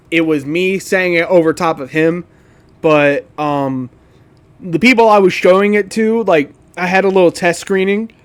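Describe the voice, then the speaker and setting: A man giving casual commentary over his old video, rambling with fillers, laughing and swearing freely. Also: high-pitched. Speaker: reaction video creator.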